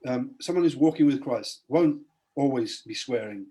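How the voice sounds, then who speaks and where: Man preaching his story on a podcast, dark mellow voice, earnest. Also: medium pitch, animated, moderate pace. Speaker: guest. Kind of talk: conversational testimony, preaching.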